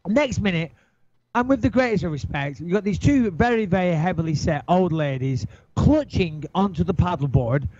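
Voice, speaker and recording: A high-voiced man tells a story in a casual interview, swearing a lot. He throws himself into it and acts out his own panicked thoughts. The recording sounds dry and a little dull. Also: expressive, moderate pace, a little mellow, no echo. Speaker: interview guest.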